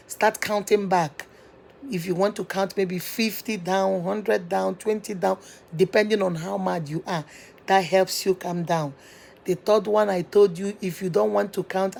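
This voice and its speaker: A woman's voice: medium pitch, vocal fry, darkish tone. A woman, hosting her channel and giving earnest motivational advice from her office, repeating her points for emphasis. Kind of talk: motivational advice talk to viewers.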